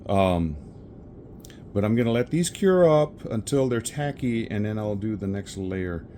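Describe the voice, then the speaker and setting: A man's voice: fairly low pitch, lively intonation, measured pace, mellow, slight background noise. A man casually talking through a resin pour as he works, rambling and correcting himself and chuckling at his own slips. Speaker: resin crafter. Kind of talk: casual crafting narration. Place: home craft workspace with camera on a tripod.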